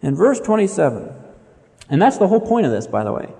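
A man preaching a sermon in an animated, dramatic storytelling manner. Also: high voice, quick pace, creaky, big-room sound. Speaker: pastor.

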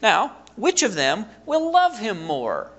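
A man preaching a sermon, retelling a story in an animated way and acting out the quotes. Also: sits high, slow, highs cut off.

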